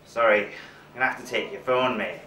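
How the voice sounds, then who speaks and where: A man voicing a young male mugger on a train who talks in flat, clipped street speech. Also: medium pitch, moderate pace, slight background noise, lightly acted. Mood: insistent. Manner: flat, clipped street talk ending lines with "mate". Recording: roomy stage sound from a distant mic.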